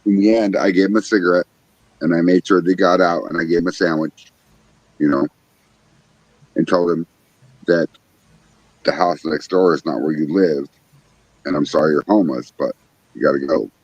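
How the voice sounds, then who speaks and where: A deep-voiced man chats on a livestream from his backyard at night and tells a profane story, acting out the other voices as he goes. His voice is dry and close, and the stream audio is dull and lo-fi. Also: steady tone, normal speed, long pauses, darkish tone, slightly rough, dry recording. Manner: profane storytelling, acts out other people's lines. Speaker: livestream host. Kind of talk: casual livestream chat.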